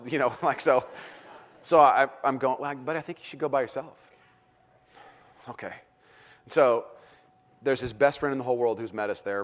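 A man in his thirties preaching a sermon as a pastor, telling a family story in a lively way and laughing often. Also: medium pitch.

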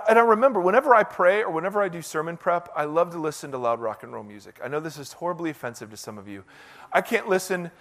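Male pastor, middle-aged, high voice, casual self-mocking sermon delivery. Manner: conversational, self-deprecating, animated preaching.

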